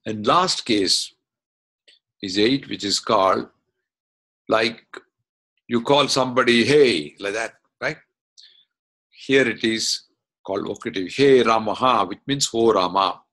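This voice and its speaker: A man teaching an online class, explaining slowly step by step and asking questions as he goes. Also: lowish voice, sharp tone. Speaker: Sanskrit teacher. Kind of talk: online lesson. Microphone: video call.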